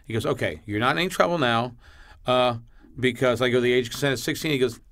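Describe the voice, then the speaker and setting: Blunt animated man telling a story. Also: medium pitch, quick pace, vocal fry. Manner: animated, acts out both sides of dialogue; blunt, swears freely. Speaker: guest comedian. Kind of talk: casual storytelling on a podcast.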